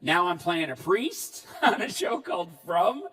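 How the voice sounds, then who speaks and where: Animated Canadian man telling stage stories. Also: high voice, a little slow, distant mic, rough recording. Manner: animated, acts out quotes, self-deprecating. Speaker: keynote speaker, actor. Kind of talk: conference keynote storytelling. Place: conference hall.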